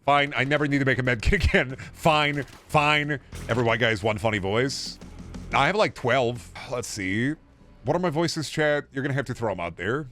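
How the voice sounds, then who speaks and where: A gaming streamer chats casually with his chat, joking around, swearing freely, and riffing on impressions. His mid-range voice is fairly bright at a moderate pace, with soft background music playing.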